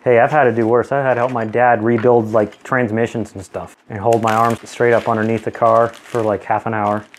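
A man's voice: mid-range voice, flat delivery, a little fast, few pauses, a little hiss or hum. Man explaining a hands-on build. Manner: explains steps plainly while working. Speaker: channel host building a PC. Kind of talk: casual hands-on tutorial.

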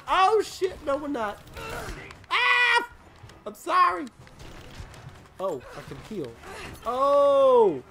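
A let's play commentator who yells, taunts enemies and swears a lot while playing. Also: high voice, sing-song, very slow, pauses often, a little hiss or hum. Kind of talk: gameplay commentary.

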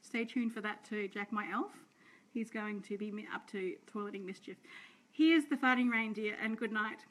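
An Australian woman, a sales director, chatting and rambling warmly to her team on a live stream. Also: mid-range voice, normal speed, noisy background. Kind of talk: live-stream talk to viewers.

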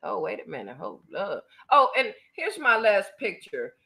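A woman's voice: mid-range voice, sing-song, normal speed, vocal fry, bright, forceful tone. A woman hosting her own channel, giving blunt, profane, mocking commentary in a casual chatty style. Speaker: channel host.

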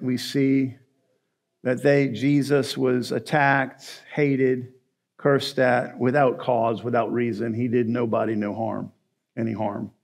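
A man preaching a sermon, rising to loud emphatic lines and dropping to low, quiet asides. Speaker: pastor.

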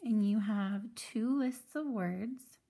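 A woman's voice: fairly high pitch, takes it slowly, warm tone. A woman teaching a phonics lesson to children, patiently sounding out words syllable by syllable.

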